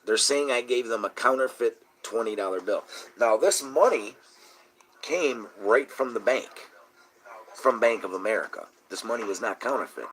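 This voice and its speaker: This host speaks in a medium-pitched male voice at a moderate pace. His long, casual story is full of profanity and indignation, and it climbs into shouting.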